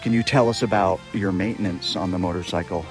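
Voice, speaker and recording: A man's voice: deep voice, fairly even intonation, brisk, over music. A man interviewing, asking brief plain questions.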